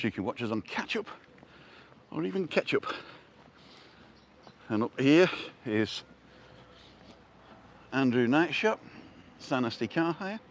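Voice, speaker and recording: A man's voice: mid-range voice, slight background noise. An older man live-streaming on a street walk, chatting casually and answering viewers' comments as he goes. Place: outdoors on a street.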